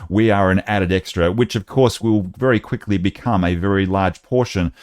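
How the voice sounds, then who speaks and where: A man's voice: low voice, normal speed, a little mellow, no room sound, clean studio sound. A man hosting a casual update video, chatty and talking straight to his viewers as guys. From Australia. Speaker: host.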